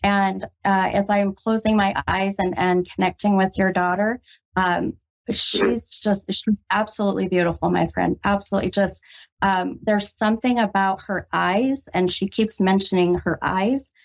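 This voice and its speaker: A woman hosting a call-in psychic reading, halting and full of ums, gentle and reassuring with the caller. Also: medium pitch, steady tone, creaky. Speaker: psychic medium host. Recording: dull lo-fi radio recording.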